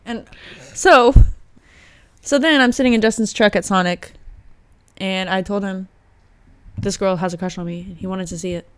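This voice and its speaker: A woman's voice: medium pitch, smooth. Chatty young woman telling a story. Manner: storytelling, animated, laughs often. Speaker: podcast host. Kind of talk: casual chat.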